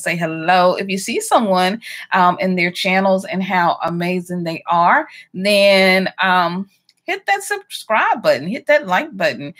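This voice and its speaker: A woman chats on a casual livestream from home, welcoming each viewer by name with plenty of ums and laughs. Her voice sits at a middle pitch for a woman. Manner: warm greetings to viewers, frequent ums and laughs. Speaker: livestream host.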